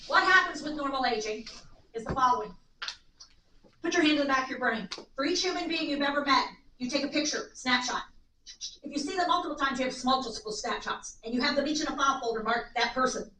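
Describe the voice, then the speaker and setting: A woman lecturing a live audience on aging in an animated way, acting out little voices, in a seminar room. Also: high-pitched, fast talker. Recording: echoey room, distant mic, faint noise.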